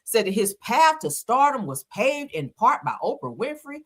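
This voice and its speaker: A woman's voice: a little high, big pitch swings, normal speed. A woman giving sassy, dramatic gossip commentary, full of exclamations.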